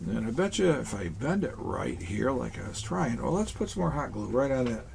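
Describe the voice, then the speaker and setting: A man's voice: medium pitch, big pitch swings, normal speed, creaky, a little mellow, slight background noise. A man playing Santa Claus in a children's craft show, chatting folksily to boys and girls as he works.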